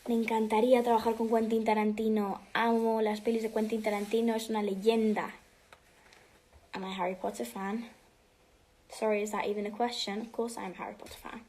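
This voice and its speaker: This teenage girl talks fast, with a mellow, slightly high voice and a flat delivery. Casually answering fans on a livestream, she's chatty and bubbly, mixing English with Spanish and often slipping into a whisper.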